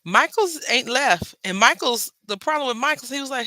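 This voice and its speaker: A man's voice: very high-pitched, lively intonation, normal speed, bright, forceful tone, no echo. A man hosting a crafting video, chatting playfully to viewers and telling gossipy stories while he works at his table. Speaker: craft channel host. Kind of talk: casual crafting chat.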